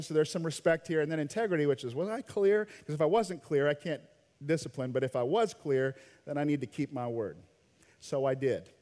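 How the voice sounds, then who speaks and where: A man preaching a sermon as a pastor, telling family stories with acted-out quotes and frequent laughter. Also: fairly high pitch. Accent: Midwestern American. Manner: animated storytelling, acting out quoted lines, laughs often. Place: church auditorium. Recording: long hall reverb.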